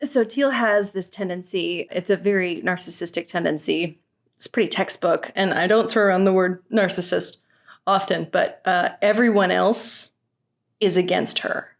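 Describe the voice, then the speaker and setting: A woman's voice: on the low side, normal speed, vocal fry. A young woman giving casual reaction commentary in an exasperated, sarcastic and outspoken way, swearing now and then. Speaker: reaction vlogger.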